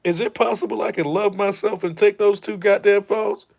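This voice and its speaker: A man's voice: high voice, moderate pace, creaky, voice pushed up. A man doing a greedy thief hyping himself up. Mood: greedy excitement. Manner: excited, boastful self-talk.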